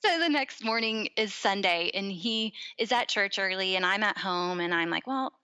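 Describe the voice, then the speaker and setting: Bright-voiced woman telling a story. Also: medium pitch, moderate pace, smooth, rough recording. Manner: animated, acts out quoted voices. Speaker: podcast guest. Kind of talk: casual storytelling chat.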